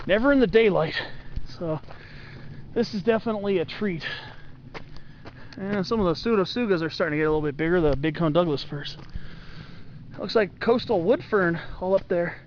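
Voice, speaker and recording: A man with a high voice narrates his mountain hike outdoors, gushing about the trees to his camera. The sound is dull and lo-fi, with faint outdoor noise behind him. He talks casually and eagerly as he walks the trail. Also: lively intonation, normal speed, long pauses. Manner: enthusiastic, gushing over the trees, talks to the camera while walking. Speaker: hiker filming his hike. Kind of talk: casual hiking vlog narration.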